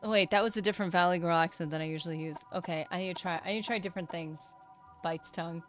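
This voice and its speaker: A woman streaming a video game live, chatting casually, reading chat aloud and breaking into excited bursts. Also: on the low side, fast, faint music behind. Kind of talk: live gameplay commentary.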